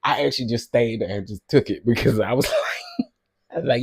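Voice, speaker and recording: Guy chatting to his stream, husky, laughs a lot, dry close sound. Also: medium pitch, fairly quick, dry recording. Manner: animated, laughs often, addresses chat directly. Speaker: livestream host. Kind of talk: casual livestream chat with viewers.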